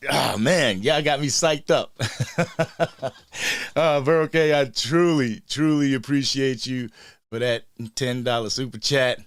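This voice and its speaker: A man's voice: mid-range voice, no echo. Dude hyped up on his fan livestream, reading chat names, dry sound. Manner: hyped, shout-outs to chat, frequent slang. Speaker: sports fan livestream host.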